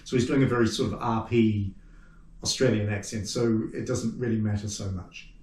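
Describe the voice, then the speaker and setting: A man with a New Zealand accent, a puppet maker chatting as the guest in an interview, telling stories lively and acting out what people said. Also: on the low side, moderate pace, slight background noise. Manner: animated storyteller who acts out quoted remarks. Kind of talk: casual interview chat. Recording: roomy sound from a distant mic.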